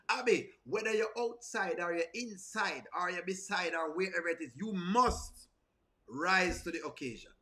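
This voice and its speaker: A man's voice: high-pitched, slow pace, long pauses, pushed and bright, raised voice. A Jamaican man giving playful, teasing reaction commentary, now and then breaking into song. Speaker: reaction video host.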